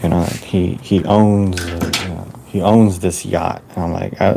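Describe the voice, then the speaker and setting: A man telling a rambling, deadpan tall tale with many halts and restarts. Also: sits low, gravelly, a little hiss or hum. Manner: halting, full of restarts and fillers. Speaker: storyteller drawing on camera.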